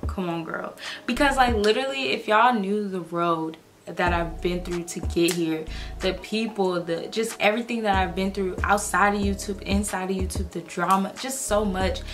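A woman in her twenties, a YouTuber talking in a gushing, excitable casual vlog, full of "like"s. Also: medium pitch, moderate pace, faint music behind. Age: 20s.

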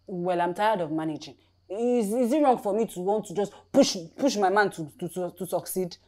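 A woman's voice: medium pitch, normal speed, warm tone, lightly acted. An actress with a Nigerian accent playing a young woman who scolds her broke boyfriend and demands money, in a film drama. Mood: resentful. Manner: scolding, dismissive. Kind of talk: Nollywood film acting.

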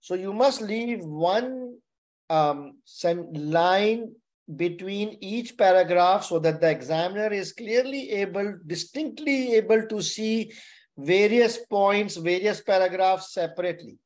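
A man's voice: high-pitched, a little slow, darkish tone. A man tutoring exam candidates in an online webinar lecture. He repeats his key points and keeps checking in with "okay?". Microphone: webinar microphone.

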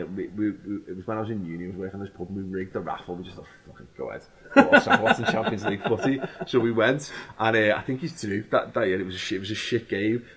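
A man with a Liverpool accent recounts stories in a loose, rambling way, swearing freely. His voice sits fairly low and has a husky edge. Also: low-quality recording. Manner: rambling anecdotes, swearing, laughs often. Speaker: guest. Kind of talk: casual chat.

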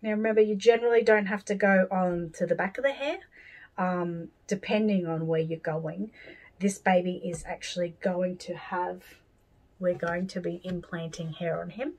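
An Australian woman giving a craft tutorial, rambling cheerfully and thinking out loud with plenty of fillers. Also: lowish voice, fairly even intonation, normal speed, poor audio. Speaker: doll-making tutor.

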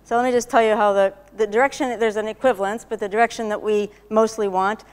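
A woman giving a technical lecture, explaining step by step, often checking with "okay?" and clearing her throat. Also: mid-range voice, steady tone, quick pace. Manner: explanatory, frequent "okay?" checks and self-corrections. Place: lecture hall. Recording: lecture hall reverb.

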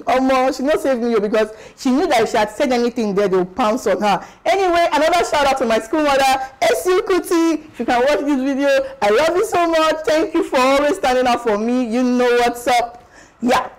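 A young adult Nigerian woman vlogging about her school days, animated and exclamatory, slipping into Pidgin. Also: high-pitched, fairly quick, a little hiss or hum, low-quality recording. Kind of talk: casual storytelling vlog.

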